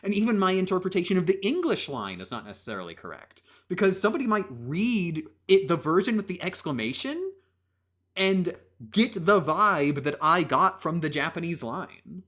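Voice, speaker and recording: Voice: medium pitch, sing-song, normal speed, a bit bright. A livestreamer chatting casually during a game stream, rambling with lots of fillers and emphatic restarts.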